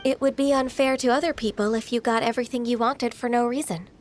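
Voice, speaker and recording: A woman's voice: a little high, steady tone, fast talker, close to an everyday voice. A woman voicing a shy, earnest young woman. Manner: soft-spoken, hesitant, earnest. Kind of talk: video game voice acting. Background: game music.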